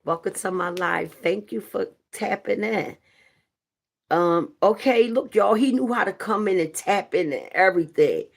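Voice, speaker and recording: Woman chatting on her live, slow and easygoing, playful with the chat. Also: mid-range voice, gravelly. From New Jersey. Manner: chatty, playful, greeting viewers by name. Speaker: livestreamer. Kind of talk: casual live-stream chat.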